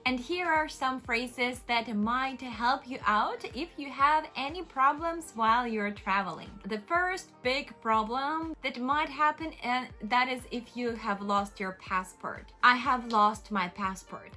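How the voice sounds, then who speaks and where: A woman English teacher giving an encouraging, clearly spoken vocabulary lesson to camera. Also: fairly high pitch, measured pace, hardly any pauses, soft background music. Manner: encouraging, clear, steady explaining.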